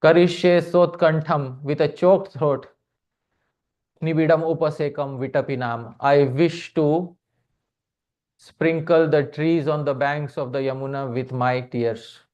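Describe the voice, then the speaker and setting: In a scripture class on devotional poetry, a man keeps calling his listeners dear devotees, asks them questions, and chants verses slowly before translating them. His voice is a little high, a little mellow and fairly even, and the recording is slightly muffled.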